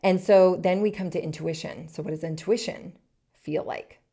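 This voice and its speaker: A woman in her thirties hosting a solo podcast, earnest and encouraging, speaking in short soft phrases. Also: fairly low pitch, fairly even intonation, normal speed, creaky, slightly rough. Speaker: podcast host.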